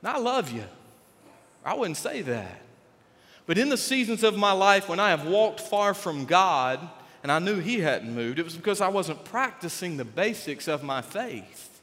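Male pastor, high voice, long hall reverb, folksy sermon. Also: moderate pace. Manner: animated and folksy, jokes with the congregation.

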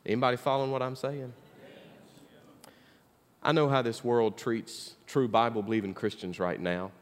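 A man preaching a sermon to his church, his delivery swinging from loud, preacherly call-and-response to hushed tones. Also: mid-range voice, lively intonation, brisk, long reverb tail. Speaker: pastor.

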